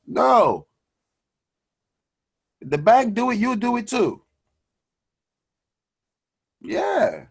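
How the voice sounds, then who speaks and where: Husky guy on a money show, lively sing-song delivery, kinda preachy. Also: high-pitched, takes it slowly, pauses often. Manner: animated, preachy, addresses audience as guys. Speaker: finance show host. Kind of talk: energetic motivational money talk.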